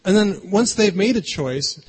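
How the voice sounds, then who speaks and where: A man's voice: high voice, animated, unhurried, slightly rough. A man preaching a conversational sermon, often checking in with the congregation by asking "right?". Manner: chatty, keeps adding "right?". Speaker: pastor.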